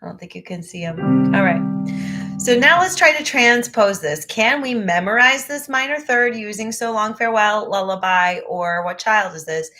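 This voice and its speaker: A woman vocal coach leads a live online ear-training lesson, her medium-pitched voice animated, pushed, and bright at normal speed, with faint music in the background. Her throat is phlegmy, so she clears it often, and she slips into short sung demo phrases.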